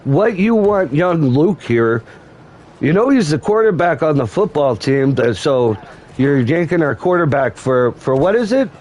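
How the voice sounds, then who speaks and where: A man's voice: on the high side, big pitch swings, a little slow, a little mellow. A man voicing a sarcastic farmer uncle who taunts and scorns in rambling rants. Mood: mocking.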